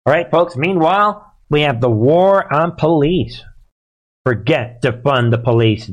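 A man hosting live political commentary, sarcastic and heated, and he often laughs. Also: mid-range voice.

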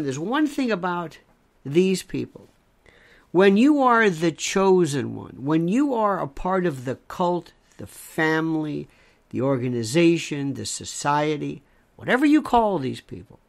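A gravelly voice delivers a slow, deliberate monologue. The pitch swings widely as the speaker stacks phrase upon phrase for emphasis, like a commentator hammering home a point. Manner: emphatic, piles up repeated phrases in lists.

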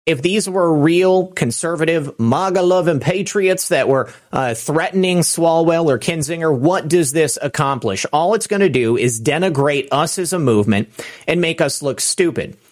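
A man hosting political commentary in a sarcastic, mocking tone, talking straight to the viewer. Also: fairly high pitch.

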